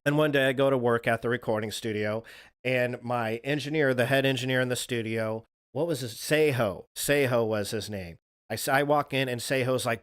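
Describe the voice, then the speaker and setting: Man, livestream host, casual storytelling, swears a lot, middle pitch, dry sound. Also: fairly quick, a bit bright, no echo. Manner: rambling, swears freely, laughs at his own stories.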